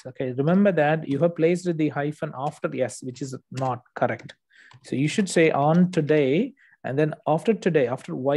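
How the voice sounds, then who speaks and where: A man's voice: on the high side, mellow. A man tutoring one student, correcting written work patiently and checking understanding often. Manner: patient, explanatory, frequent "okay" checks. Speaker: English test tutor.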